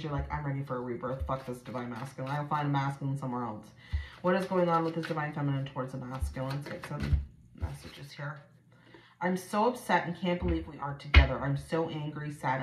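A woman doing a casual, chatty tarot reading to camera, blunt and swearing freely. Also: low voice. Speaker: tarot reader. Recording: echoey room with faint noise.

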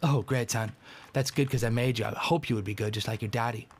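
A man voicing a disapproving middle-aged father in a slow, lowered, scolding tone. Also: steady tone, a little hiss or hum, natural voice. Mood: smug.

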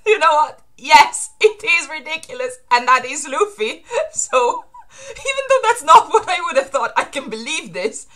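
Excitable, bright-voiced woman reacting. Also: sits high, moderate pace. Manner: excitable, gushing, with laughs and whispered pleading. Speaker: manga reaction vlogger. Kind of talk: reaction vlog reading aloud.

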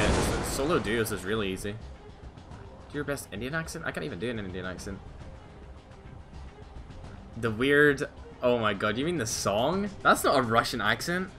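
A young man live-streaming a mobile game, chatting casually with slang and quick exclamations while reading his viewers' chat. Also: medium pitch. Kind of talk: live mobile gameplay commentary.

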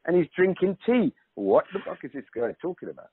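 Very animated and brisk, this middle-aged man has a high-pitched voice with crowd noise around him, heard through a narrow, phone-like line. As an interview guest in a casual chat, he's emphatic and talkative, restarting sentences and saying "you know" constantly.

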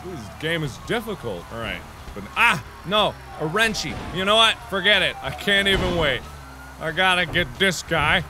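A man in his twenties doing excitable let's play commentary, joking, yelling and laughing over a game. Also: fairly high pitch, background noise. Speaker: gaming YouTuber.

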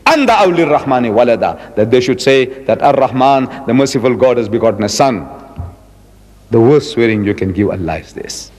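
A man in his seventies giving a religious lecture, emphatic and repeating his key words, drawing out quotations slowly. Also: medium pitch, darkish tone, in a large hall, a little hiss or hum, rough recording. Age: 70s. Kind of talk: public lecture.

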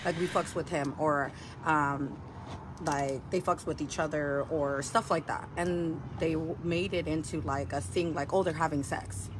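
A woman's voice: low voice, fairly even intonation, measured pace. Woman, casual livestream talk, filler-heavy, swearing, vehicle noise in background. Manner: meandering, heavy fillers and profanity.

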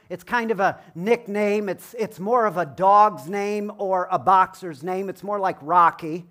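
A male pastor with a high-pitched voice preaches in a loose, conversational way. He explains as he goes, hesitating with ums and slipping in self-deprecating jokes. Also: lively intonation, a little slow, hardly any pauses, a bit bright. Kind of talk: conversational sermon.

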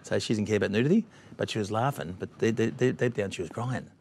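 Middle-aged aussie bloke spinning cheeky stories, lowish voice. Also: male voice, fast, vocal fry, darkish tone, a little hiss or hum. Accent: Australian. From Australia. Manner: brash, bawdy anecdotes. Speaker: guest. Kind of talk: storytelling chat.

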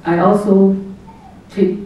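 A woman's voice: mid-range voice, level tone, slow pace, muffled recording, a little hiss or hum. A middle-aged woman giving a chatty, anecdotal speech as guest of honor at her party, laughing often and acting out what people said. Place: hotel banquet room. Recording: echoey banquet hall from far off.

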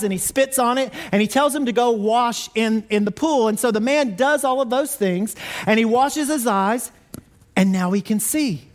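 Man pastor, high voice, animated storytelling sermon. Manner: animated storytelling, acts out quotes. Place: church sanctuary.

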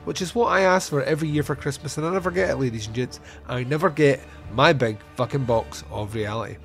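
A man hosting a podcast on his own, recapping a film scene in an animated, wry, self-mocking way. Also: medium pitch, quick pace, few pauses, soft background music. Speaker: podcast host. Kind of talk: solo film review recap.

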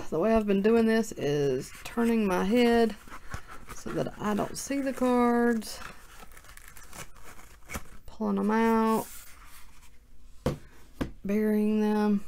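A woman's voice: mid-range voice, creaky, warm tone, slight background noise. A woman hosting her sports card channel, chatting casually and thinking aloud in a self-mocking way as she opens packs. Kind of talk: casual card-opening commentary.

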